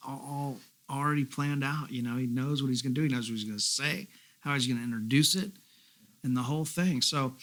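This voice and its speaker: A middle-aged man, a guest musician, casually telling rambling anecdotes and quoting others along the way. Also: medium pitch. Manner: relaxed rambling anecdotes, quotes others, swears. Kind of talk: casual storytelling.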